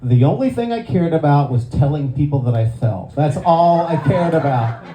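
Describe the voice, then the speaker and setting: A man's voice: on the high side, lively intonation, normal speed, dark tone. An older man doing a stand-up comedy set, self-deprecating and chatty with lots of "uh"s, in a live venue. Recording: roomy live venue sound.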